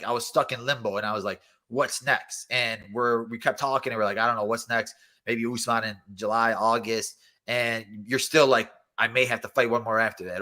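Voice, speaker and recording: A man in his thirties, a fighter guest on a podcast, telling stories in casual chat and acting out quotes. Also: mid-range voice. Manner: excited storytelling, acts out quotes.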